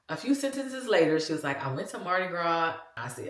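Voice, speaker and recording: Low-voiced chatty Louisiana woman. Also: very animated, brisk, roomy sound. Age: 40s. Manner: chatty, talks straight to viewers as "y'all". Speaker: vlogger. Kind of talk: casual vlog chat.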